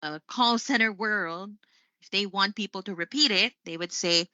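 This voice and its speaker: Bright-voiced Filipino woman teaching English. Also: mid-range voice, moderate pace, dry recording, lo-fi sound. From Philippines. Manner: chatty, says "right?" after most points. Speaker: English lesson host. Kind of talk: live-streamed English lesson.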